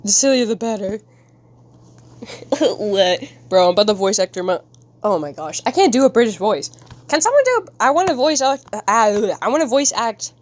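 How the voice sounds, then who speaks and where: Woman streamer, casual chat, giggly, rambling, lively swooping pitch. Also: normal speed. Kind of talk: casual live-stream chat while drawing.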